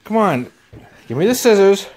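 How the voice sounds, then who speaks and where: A woman's voice: medium pitch, very animated, normal speed, crowd noise. A woman hosting a casual family vlog, chatting with and scolding her kids. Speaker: vlog host and mother. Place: home, then inside a moving car. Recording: camera audio with clear background noise.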